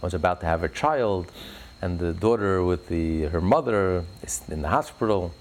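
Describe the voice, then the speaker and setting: A man's voice: sits low, normal speed. A man giving an impassioned religious talk in an interview, fervent and building to emphatic peaks. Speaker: religious speaker.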